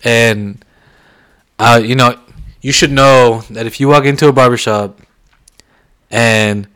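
A man's voice: mid-range voice, fairly even intonation, takes it slowly, sharp tone, clean tone. Teasing young guy in casual banter. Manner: joking, teasing, pushy banter. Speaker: podcast co-host. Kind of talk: casual chat.

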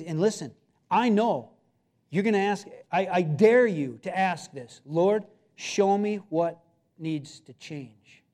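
A man with a notably high voice delivers a sermon from the front of a church. He preaches with emphatic, pleading urgency, pressing his listeners to act. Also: a little mellow. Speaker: pastor. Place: church sanctuary.

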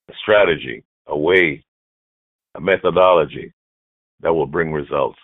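A man preaching a sermon as bishop, emphatic, repeating key phrases and swinging from hushed to loud. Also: rumbling low, moderate pace, pauses often, no room sound. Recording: dry, phone-like narrow sound.

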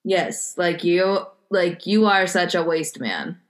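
A woman's voice: lowish voice, animated, slow pace. Laid-back young American woman. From United States. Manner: laid-back, quizzing with example sentences. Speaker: podcast co-host. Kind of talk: casual chat.

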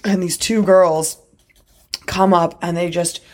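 A woman's voice: lowish voice, takes it slowly. A woman in casual conversation, telling a story bluntly with lots of swearing. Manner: blunt, profane, animated storytelling. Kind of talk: casual chat.

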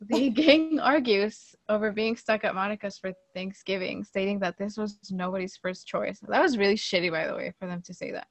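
A woman co-hosts a casual chat. She talks frankly, laughs easily and swears in passing. Her voice sits at a middle pitch, and the recording is dry, with no room echo. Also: brisk, few pauses. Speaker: podcast co-host.

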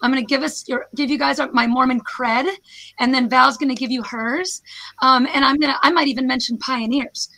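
A hoarse American woman speaks high and bright, with a snarky, self-deprecating wit. She is a professor presenting over a video call, her worn voice still carrying a crisp edge. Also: steady tone, brisk. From United States.

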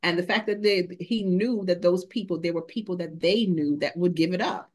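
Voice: medium pitch, normal speed. A congregation member joining a Bible discussion, rambling and stopping often to search for words and correct themselves.

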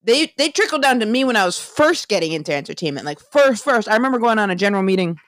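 A woman comedian hosting her own podcast, chatting alone into a close mic with a dry, roomless sound. Her talk rambles and doubles back, full of jokes and restarts. Her pitch sits in an ordinary middle range. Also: sing-song, quick pace, no echo. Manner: rambling, self-interrupting, jokey. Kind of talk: casual solo monologue.

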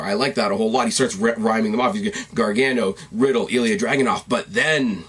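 A man with a slightly husky voice talks through a recap in a loose, rambling way. He gets excited, trips over his words and corrects himself as he goes. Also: lowish voice, brisk, hardly any pauses. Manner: rambling, enthusiastic, self-correcting. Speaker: wrestling commentator. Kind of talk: casual recap commentary.

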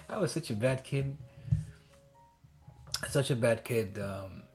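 A man from Iraq telling a childhood story in a casual chat, halting with many restarts and fillers, acting out the voices he quotes. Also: mid-range voice, animated, a little mellow, soft background music. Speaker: guest.

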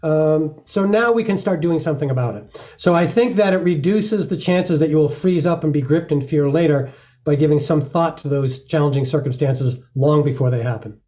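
Earnest and reflective, a middle-aged man guesting on an interview as a mountaineer acts out little examples as he talks. His voice is mellow and slightly high for a man, at a steady, moderate pace, captured in a dull, lo-fi recording.

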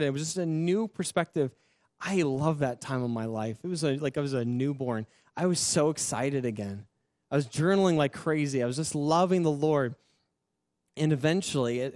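A young adult man, a pastor, tells his personal testimony with earnest emotion, slipping into soft laughs as he goes. His voice sits a little high for a man. The sound is dry and close, with no room around it. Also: no room sound.

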